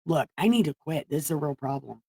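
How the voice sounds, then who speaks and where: A woman's voice: low-pitched, a little fast, creaky, mellow, breathy edge, no room sound. A woman hosting a comedic Bible reading, paraphrasing with profane jokes. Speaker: host reading the Bible aloud.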